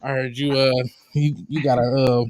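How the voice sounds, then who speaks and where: A man's voice: medium pitch, little pitch movement, moderate pace, darkish tone, slight background noise. Laid-back teasing man host. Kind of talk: casual chat.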